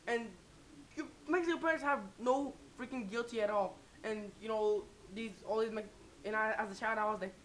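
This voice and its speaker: A woman's voice: on the high side, fairly even intonation, fast talker, slight background noise, low-quality recording. A young woman in a casual comedy vlog, rambling and swearing with many restarts. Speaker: vlogger.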